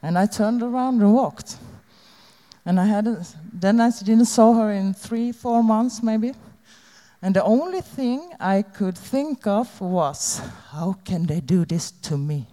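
Woman telling her recovery story real slow and halting, long echo like a big hall. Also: mid-range voice, expressive, warm tone. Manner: halting, candid, plain-spoken. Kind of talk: personal testimony to an audience.

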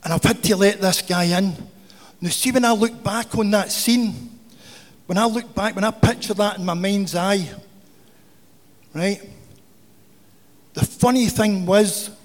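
A man's voice: high-pitched, measured pace, pauses often. A man telling a humorous, profane recovery story to a meeting. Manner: swearing, humorous, confessional. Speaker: recovery speaker. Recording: hall with long reverb.

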